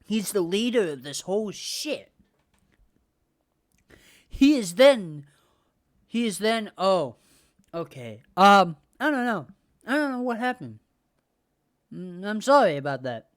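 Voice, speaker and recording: Slow-talking woman ranting heatedly. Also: mid-range voice, sing-song. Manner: heated, profane, repetitive. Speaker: podcast host. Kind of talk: casual rant.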